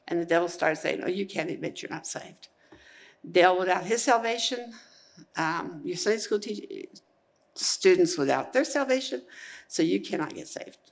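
A woman's voice: fairly low pitch, vocal fry. A middle-aged woman giving a personal testimony in church, telling her story earnestly with restarts and laughs.

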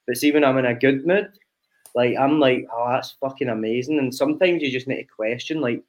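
A man's voice: medium pitch, a little fast. Scottish guy on a podcast, frank, swears a lot, bit muffled lo-fi sound. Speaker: podcast co-host, online coach. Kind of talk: casual chat.

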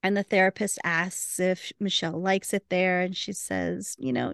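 A woman's voice: medium pitch, normal speed, vocal fry, hardly any pauses, fairly bright tone, no echo, studio quality. Laughing woman recapping a show. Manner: retells scenes with quoted lines, laughs often. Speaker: podcast co-host. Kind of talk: casual recap chat.

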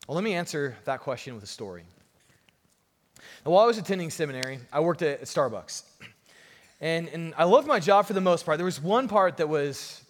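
A young man preaching a sermon, telling a story with lively, playful sarcasm. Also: fairly high pitch, big-room sound. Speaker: pastor.

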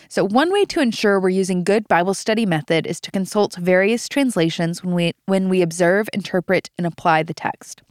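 A woman's voice: fairly low pitch, smooth, no room sound, clean studio sound. A young adult woman hosting a devotional podcast, reading scripture aloud and teaching it with earnest emphasis. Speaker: podcast host.

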